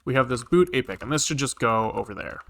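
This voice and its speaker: A man's voice: medium pitch, expressive, fast, vocal fry, a bit bright. A man streaming live coding, rambling casually with lots of fillers and the odd swear as he thinks aloud. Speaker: programming streamer.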